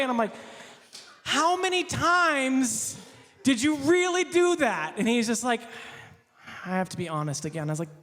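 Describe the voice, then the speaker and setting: A male pastor telling a casual anecdote, animated, laughing often and acting out the quotes. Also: very high voice, in a large hall, a little hiss or hum.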